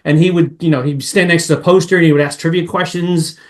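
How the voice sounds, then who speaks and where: A man who grew up in Massachusetts, a podcast guest chatting casually and jumping between memories with excited asides. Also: on the high side, fast talker. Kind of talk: casual chat.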